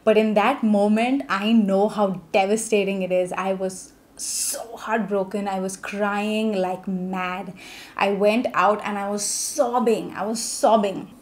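A young woman from India, telling her own story in a chatty, expressive vlog style with many fillers. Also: medium pitch, a little slow. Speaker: vlogger. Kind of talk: casual storytelling.

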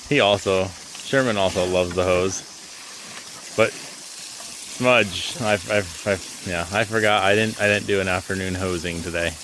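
A man's voice: fairly low pitch, a little slow, a bit bright, rough recording. A man homesteader chatting casually and fondly to his pigs outdoors on a farm, using doting baby talk. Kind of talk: casual vlog chat with animals. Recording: outdoor farm noise and animals.

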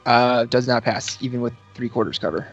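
A man running a tabletop game as dungeon master. He teases his players and laughs often. The recording is dull and low-fi, with faint music behind him. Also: fairly quick.

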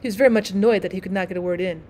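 A woman teacher reading a classic story aloud in an expressive storytelling manner. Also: mid-range voice, very fast.

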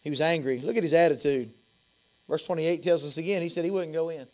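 A middle-aged male pastor with a Southern US accent preaching a sermon, emphatic, repeating phrases and swinging from loud to hushed. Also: on the high side, fast.

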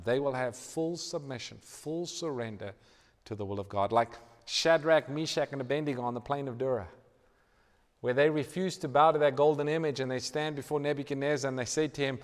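A man preaching a sermon in a church, dramatic, swinging from loud emphasis to hushed tones. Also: medium pitch, fairly quick. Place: church hall. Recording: reverberant church hall.

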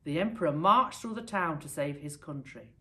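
Teacher reading a picture book aloud; low, expressive woman's voice. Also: moderate pace. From United Kingdom. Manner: expressive, lively storytelling. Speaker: primary school teacher.

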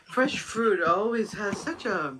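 An actress playing a flamboyant, theatrical former stage performer who teases and flirts in a TV series clip. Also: female voice, mid-range voice, animated, slow. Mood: teasing. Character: flamboyant older woman, a former stage performer in a small town. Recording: TV clip with background hiss.

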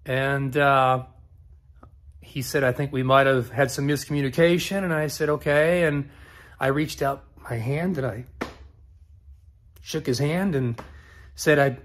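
A middle-aged man casually telling a story to camera, acting out both sides of a phone call in an animated way. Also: medium pitch, a little slow, pauses often. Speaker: car-build vlogger.

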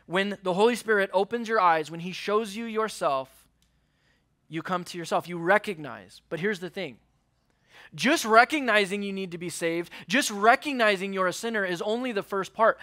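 A young man delivers an earnest youth sermon in a high, bright voice. He acts out the quotes in the scripture and drops to a near hush on key words. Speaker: youth pastor. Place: church youth service.

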